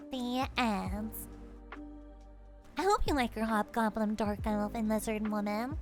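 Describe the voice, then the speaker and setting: A woman's voice: fairly high pitch, unhurried, pauses often, soft background music. A woman streamer telling a playful, giggly second-person fantasy story to her chat in casual livestream style.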